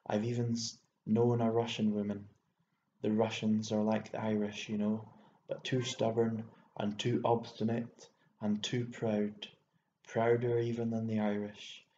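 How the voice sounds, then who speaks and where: A man voicing a fussy, excitable elderly bachelor landowner who rambles and exclaims, stammering when worked up, in an audiobook reading. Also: lowish voice, lightly acted. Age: older. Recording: echoey room, dull lo-fi sound, faint hiss.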